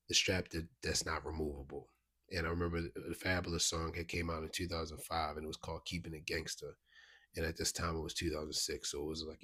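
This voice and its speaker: Man, low husky voice, monotone, rambling storytelling. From Baltimore, USA. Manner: rambling, restarts, frequent "you know what I mean". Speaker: vlogger. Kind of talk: casual storytelling to camera.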